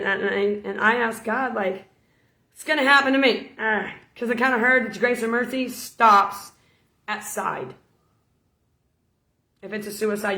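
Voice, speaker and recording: A woman's voice: mid-range voice, fairly bright tone, reverberant. A woman preacher giving an informal sermon as a playful, storytelling talk. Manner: storytelling, playful, laughs between points.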